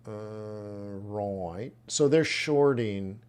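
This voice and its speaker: A man's voice: fairly low pitch, very slow, darkish tone, smooth. A man coaching traders in a live webinar, thinking aloud and reacting bluntly as he reviews trade plans. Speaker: trading coach. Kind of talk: live trading webinar commentary.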